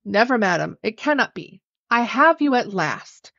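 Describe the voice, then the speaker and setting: A polite but steely young master from a storybook, speaking with lively pitch. The sound is dry and slightly dull. A woman reads him. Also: normal speed, creaky, no room sound, full character voice. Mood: firm. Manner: courteous, firm. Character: courteous young male master, cool, firm.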